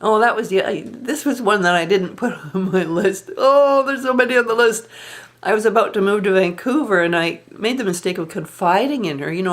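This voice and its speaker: A woman's voice: medium pitch, a little fast. A woman telling a personal story in a candid, rueful and reflective way, sighing now and then. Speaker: vlogger.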